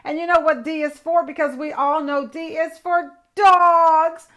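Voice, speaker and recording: An older woman hosting a children's lesson, speaking enthusiastically and slowly sounding out letters. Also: high voice, steady tone. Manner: enthusiastic, exaggerated, slow demonstrative. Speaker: children's show host and teacher.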